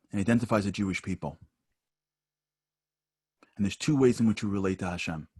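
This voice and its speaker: A man giving a spoken lesson at an online seminar, telling personal stories and growing higher and louder as he gets animated. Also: husky, no room sound, clean studio sound. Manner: storytelling, rising higher and louder when animated.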